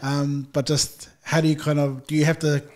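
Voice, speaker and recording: A man's voice: on the high side, flat delivery, normal speed, darkish tone. A man hosting an interview, encouraging and supportive, asking long, winding questions. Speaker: podcast host. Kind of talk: casual interview chat.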